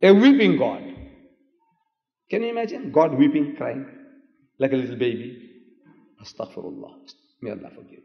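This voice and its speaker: An older man, preaching in an impassioned lecture that swings from loud emphatic cries to hushed asides. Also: mid-range voice, sing-song, brisk, gravelly, long pauses. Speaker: Islamic preacher in debate. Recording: echoey hall, dull old lecture tape.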